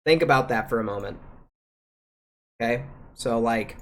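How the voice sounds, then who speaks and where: A man's voice: mid-range voice, normal speed. A man streaming live while reviewing raid footage, ranting heatedly with heavy swearing, repeating himself and calling viewers bro and dude.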